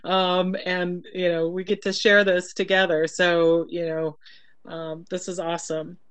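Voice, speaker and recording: Woman, event host, casual, hesitant fillers, smooth voice, dry sound, video call. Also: lowish voice, level tone, a little slow, dry recording. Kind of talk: casual hosting.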